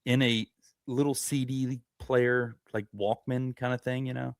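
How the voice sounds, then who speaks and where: A man's voice: medium pitch, little pitch movement, unhurried. A man in his thirties telling a rambling story in casual podcast chat, restarting his sentences. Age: 30s. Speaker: podcast co-host.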